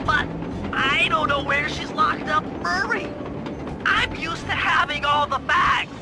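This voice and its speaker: A man's voice: very high-pitched, measured pace. A man voicing a nerdy, anxious male turtle genius sidekick in a video game, talking in a fretful, know-it-all way. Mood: worried. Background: game music.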